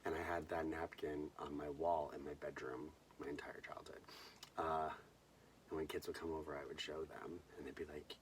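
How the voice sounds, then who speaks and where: A young man from Southern California hosting a bedtime movie vlog, telling a personal story in a soft, hushed way that often drops to a whisper. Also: extremely low pitch, flat delivery, normal speed, far from the mic, slight background noise. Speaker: host.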